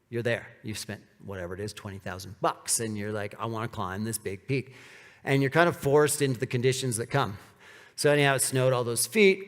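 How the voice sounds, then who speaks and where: A man talks to a live audience at a speaker event, his voice sitting in a middle register. He rambles casually, leans on "like," and slips into quoted lines from the story. The sound rings with the long reverb of a large hall. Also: mid-range voice. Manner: casual, rambling, fillers like "like", acts out quoted dialogue. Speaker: presenter at a speaker series.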